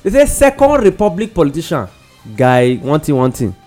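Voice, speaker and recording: A man's voice: fairly high pitch, sing-song, moderate pace, a little mellow, soft background music. A man with a Nigerian accent hosting a newspaper review show, joking and laughing often in casual banter.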